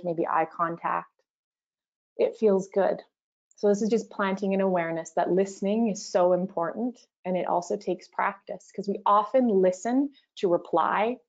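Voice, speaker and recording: Gentle woman guiding mindfulness, lo-fi sound. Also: medium pitch. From Canada. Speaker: workshop facilitator. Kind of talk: online workshop presentation.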